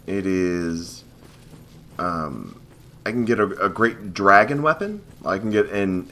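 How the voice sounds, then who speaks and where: Lively self-mocking male game commentator. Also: fairly low pitch. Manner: rambling, self-mocking, swears casually. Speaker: gameplay host. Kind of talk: let's play commentary.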